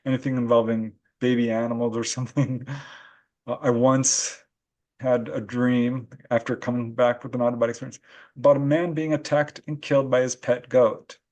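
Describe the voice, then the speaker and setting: A man as a podcast guest who recounts his own experiences in an animated, laughing storytelling manner. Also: medium pitch, normal speed. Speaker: guest, paranormal researcher and author. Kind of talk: casual interview storytelling.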